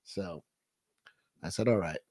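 A man's voice: deep voice, slow pace, a little mellow, a little hiss or hum. A man hosting a casual livestream, talking in a rambling, profane way with many restarts, and reading out viewer chat. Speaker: livestream host.

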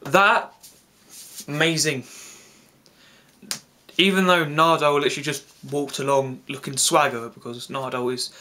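A man giving a casual reaction video, excitable and gushing, with quick asides. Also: a little high, slight background noise.

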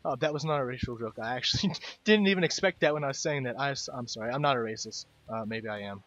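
A man's voice: mid-range voice, quick pace, a bit bright, no room sound, muffled recording, faint music behind. A man hosting casual game commentary, rambling, stumbling over words and poking fun at himself. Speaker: gaming video host.

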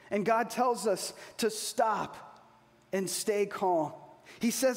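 A man preaching a sermon as pastor, earnest, slowing down to repeat key phrases. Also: high voice. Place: church hall. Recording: long reverb of a large hall.

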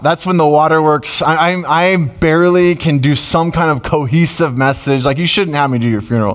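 A middle-aged man preaching a sermon as pastor, conversational and emotional, with sudden loud rises. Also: on the high side.

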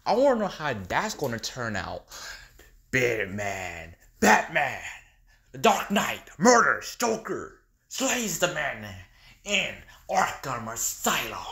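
A man playing a gleeful, unhinged clown villain with a cackling laugh. His pitch leaps wildly between hushed lows and shrill highs as he drawls his taunts slowly. The voice is bright and sharp. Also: full character voice. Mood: taunting. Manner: taunting, sing-song, swings between whispers and squeals. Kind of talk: fan impression skit.

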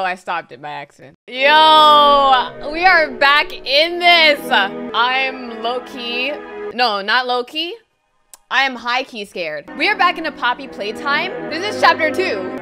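A young woman filming herself playing a horror game, excitable, screaming and repeating her exclamations. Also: fairly high pitch, brisk. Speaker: gaming YouTuber. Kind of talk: horror game let's play. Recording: loud game music behind.

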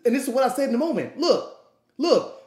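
Male streamer, high voice, roomy room, animated storytelling, acts out the people in his story. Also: brisk. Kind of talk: casual storytelling to a live audience.

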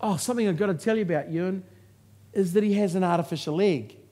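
This man speaks fast in a high-pitched, mellow voice as he gives a motivational speech to a live audience. Working from a stage, he recounts his story through jokes and punchy, humorous lines.

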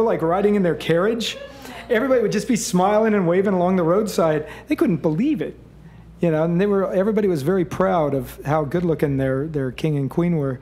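A middle-aged man on a live stage telling a rambling comic fairy tale, chuckling through deadpan asides. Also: high voice.

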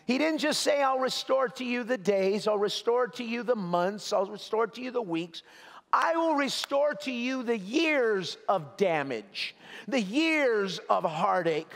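High-voiced preaching man, hall reverb. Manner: impassioned, repetitive preaching cadence. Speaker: pastor. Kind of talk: sermon.

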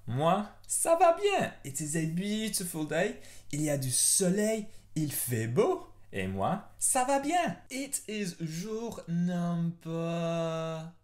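A man's voice: high voice, wildly swooping pitch, a little slow, darkish tone. A man teaching a playful beginner French lesson for kids, drilling words aloud with theatrical swings in his delivery. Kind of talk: energetic beginner language lesson.

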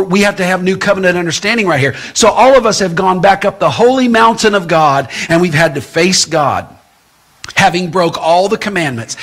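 Animated guest preacher, fairly high male voice. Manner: animated, repeats words as he speaks. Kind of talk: sermon.

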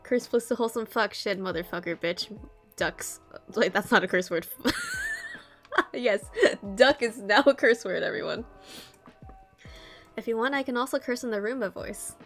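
A woman's voice: on the high side, normal speed, long pauses, faint music behind. A woman streaming a game, chatting in a playful, giggly, mock-dramatic way. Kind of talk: casual gaming stream chat.

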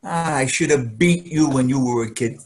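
An actor playing a gruff, taunting older grandfather with a New York accent, trading insults on a family video call. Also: medium pitch, moderate pace, noisy background, lightly acted. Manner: gruff, taunting, laughs at own jabs. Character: cranky old grandfather, brash New Yorker.

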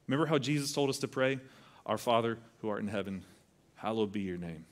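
A man's voice: mid-range voice, a little fast. Guy preaching, chatty sermon, does little voices for the story people. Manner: conversational, acts out quoted voices. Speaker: pastor.

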